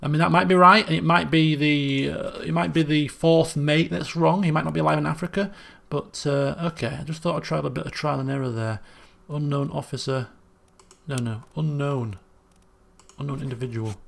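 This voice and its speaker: A man's voice: fairly high pitch, fairly even intonation, moderate pace, creaky, a bit bright. A man, thinking aloud as he streams a puzzle game, muttering guesses and restarting sentences. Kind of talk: casual gameplay commentary.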